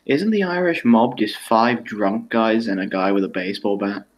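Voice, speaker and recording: A man with a lowish voice chats casually on a live stream. He cuts in with quick jokes and talks over the others. A faint hiss sits under the recording. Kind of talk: casual chat.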